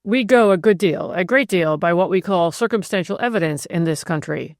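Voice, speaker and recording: A woman narrator voicing a cool, calculating woman conspirator who talks with composure and jumps to sharp, bright rises. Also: fairly low pitch, lively intonation, moderate pace, no room sound, clean studio sound. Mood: anxious.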